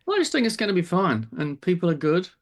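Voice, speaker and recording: A New man is a podcast guest, with a voice pitched a little above the usual for a man. He talks in an easygoing, reassuring way. He restarts his sentences often as he searches for words. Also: sing-song, fast talker. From New Zealand. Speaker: guest, psychologist and TV presenter. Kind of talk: casual interview chat.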